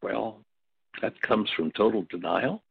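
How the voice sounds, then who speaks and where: An older man with a very low, gravelly voice leads a workshop, telling stories in a reflective, halting way. His tone is husky. The recording is dry and dull, like lo-fi audio. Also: no echo. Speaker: workshop leader and teacher. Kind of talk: spoken teaching talk with stories.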